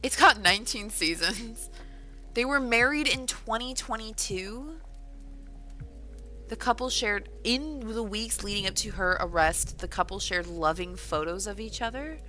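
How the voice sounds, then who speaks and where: A woman author on a livestream, reading a news report aloud and breaking in with animated, disbelieving exclamations. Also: medium pitch, unhurried, faint music behind, rough recording. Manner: animated, exclaiming in disbelief between read-out passages. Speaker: author livestreaming a writing session.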